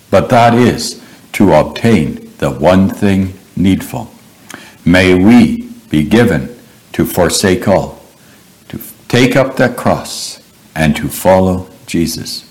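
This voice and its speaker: A man preaching a sermon, retelling Bible stories in a slow, measured, earnest way. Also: deep voice, a little mellow, poor audio.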